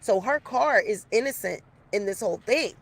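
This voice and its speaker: A woman's voice: mid-range voice, moderate pace. A woman telling a story to her viewers in a casual, chatty way, recorded outdoors. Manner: chatty, animated storyteller addressing viewers as y'all. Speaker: YouTuber. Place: outdoors in the rain.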